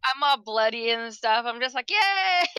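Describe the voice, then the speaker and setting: A woman's voice: on the high side, fairly even intonation, moderate pace, pushed and bright, clear, resonant tone, no echo, clean studio sound. A woman playing a tabletop game, with playful asides. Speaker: player. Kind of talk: casual tabletop play.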